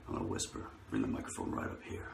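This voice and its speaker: A man playing a self-important preacher in whispered role-play, smug and mock-intimate, breathy and close to the mic. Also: very fast, roomy sound, heavy background noise, close to an everyday voice.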